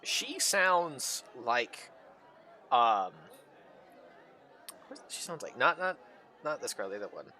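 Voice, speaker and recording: Animated male game streamer. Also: mid-range voice, slow pace, long pauses, a faint crowd. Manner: rambling, laughs a lot, mocks the dialogue. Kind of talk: casual live game commentary.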